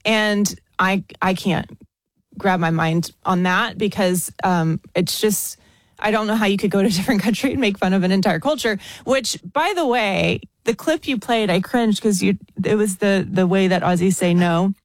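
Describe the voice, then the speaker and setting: An American woman from the States, a guest talking in a chatty, expressive way on a podcast. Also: medium pitch, normal speed, dry recording. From United States. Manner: chatty and expressive, laughs often. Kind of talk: casual podcast chat.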